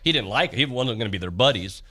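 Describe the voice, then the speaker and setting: A man co-hosting a sports radio show, chatting casually and with strong opinions. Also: quick pace. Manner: animated, opinionated, voices quotes in a high put-on tone.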